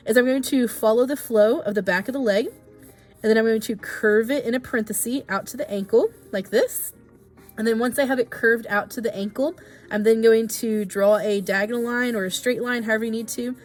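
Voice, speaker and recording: Patient woman teaching a drawing lesson. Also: a little high. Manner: patient, explains each stroke, casual asides. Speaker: art teacher. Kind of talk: step-by-step drawing tutorial.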